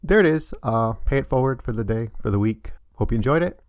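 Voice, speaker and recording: A middle-aged vlogger casually tells a personal story, rambling and hesitant with many fillers. His mid-range voice is animated and brisk, and there's no echo.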